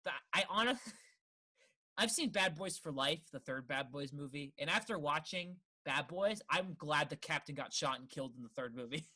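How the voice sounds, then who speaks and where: A man's voice: fairly high pitch, expressive, moderate pace, bright, forceful tone. A young man co-hosting a casual film podcast, rambling, swearing and acting out scenes in exaggerated voices. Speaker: podcast co-host.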